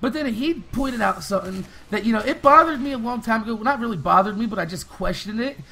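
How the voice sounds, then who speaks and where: A young man hosting a gaming video, talking fast and rambling casually with lots of swearing. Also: high-pitched, expressive, vocal fry, sharp tone, slight background noise. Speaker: gaming channel host. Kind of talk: casual commentary over gameplay.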